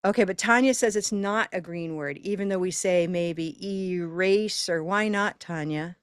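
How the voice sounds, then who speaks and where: A woman teaching pronunciation in a live online class, encouraging her students and stretching words out slowly to demonstrate the sounds. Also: lowish voice, clean tone, dry recording, clean studio sound. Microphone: video call.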